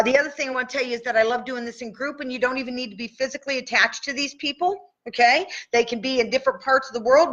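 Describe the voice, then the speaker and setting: Upbeat woman tapping coach, high and bright, chatty, dull lo-fi stream sound. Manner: upbeat, chatty, repeats affirmations slowly. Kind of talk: guided tapping session.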